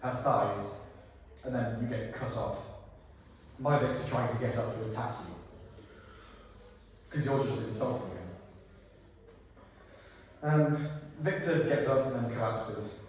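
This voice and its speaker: A man directing a theatre rehearsal, talking actors through scenes in an animated way and slipping into silly voices. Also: mid-range voice, measured pace, long pauses, a little hiss or hum. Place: rehearsal hall. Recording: echoey hall, far from the mic.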